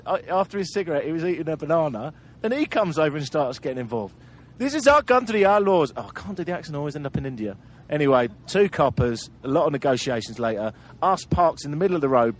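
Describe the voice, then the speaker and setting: A man's voice: medium pitch, lively intonation, quick pace. A man hosting a travel podcast, telling road-trip anecdotes in casual chat and laughing through them.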